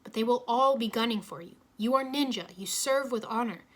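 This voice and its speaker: A woman voicing a stern, wry older male mentor who speaks in measured pronouncements. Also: fairly high pitch, close to an everyday voice.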